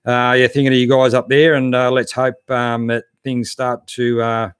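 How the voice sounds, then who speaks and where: A man's voice: mid-range voice, monotone, moderate pace, clear, resonant tone, no echo. Laid-back Australian man, dry sound. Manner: laid-back, matey, lots of fillers and restarts. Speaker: 4WD channel host. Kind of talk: casual live-stream chat reading viewer comments.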